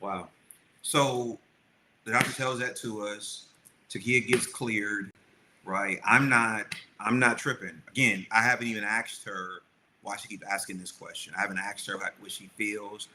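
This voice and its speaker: A man co-hosting a podcast, telling a family story in a lively, animated way and acting out the quotes. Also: fairly low pitch, unhurried, a little hiss or hum, rough recording. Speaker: podcast co-host. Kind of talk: storytelling chat.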